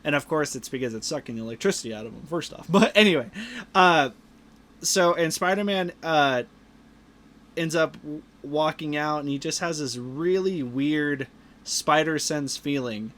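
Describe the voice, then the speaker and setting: A man's voice: fairly high pitch, moderate pace, a bit bright. A man hosting a podcast, casually retelling a movie plot with lots of fillers and restarts. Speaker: podcast host. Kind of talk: casual movie review chat.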